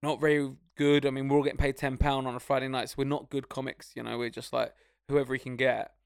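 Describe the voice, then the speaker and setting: A man's voice: mid-range voice, little pitch movement, quick pace, gravelly, clean tone, no echo, clean studio sound. A young man, co-hosting a podcast and telling stories in casual, sweary chat, acting out the other people. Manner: swearing storyteller, acts out voices. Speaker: podcast co-host.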